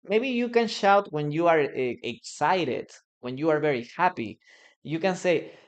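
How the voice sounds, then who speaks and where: An English teacher who speaks Spanish natively, giving a live online lesson, explaining slowly with frequent hesitations and repeated phrases. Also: mid-range voice, expressive.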